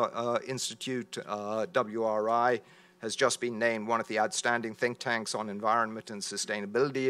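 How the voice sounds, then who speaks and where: A man's voice: on the low side, fairly bright tone. A man hosting a policy event, introducing speakers with many hesitations and filler sounds. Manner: halting, many filler uhs. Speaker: event host. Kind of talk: introducing a panel.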